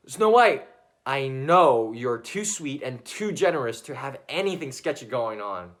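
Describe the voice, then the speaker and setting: A man's voice: mid-range voice, big pitch swings, takes it slowly. A man playing an awkward, hesitant reporter in a comedy news sketch. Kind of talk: mock news interview.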